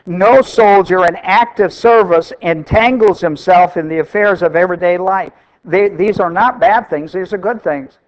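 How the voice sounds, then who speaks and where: A man with a high voice preaches, pressing each point and saying key lines twice. The recording sounds a little dull and lo-fi. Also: normal speed. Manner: emphatic, repeats phrases for stress. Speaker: pastor. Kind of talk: sermon.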